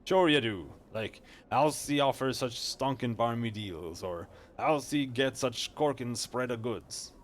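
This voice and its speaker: A man voicing a pushy, fast-talking male street merchant in a game, with wheedling slangy sales patter. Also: medium pitch, a little hiss or hum, lightly acted.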